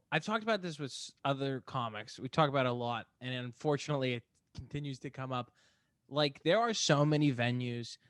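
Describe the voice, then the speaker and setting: A man's voice: mid-range voice, fairly bright tone, dry recording. Man hosting a podcast, dry close sound. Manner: agreeable, emphatic, says "dude" a lot. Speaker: podcast host. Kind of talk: casual conversation.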